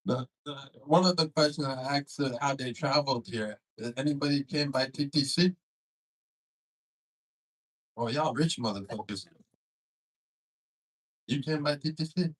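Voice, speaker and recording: A man's voice: medium pitch, unhurried, pauses often, poor audio. A man hosting a comedy show on a club stage, doing loose, profane crowd work and teasing the audience.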